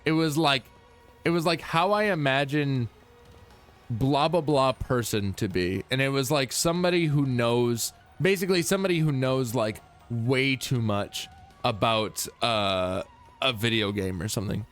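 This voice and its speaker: A man's voice: mid-range voice, a little slow, soft background music. A man casually commenting on his gameplay as a streamer, laid-back, swearing and talking to his chat.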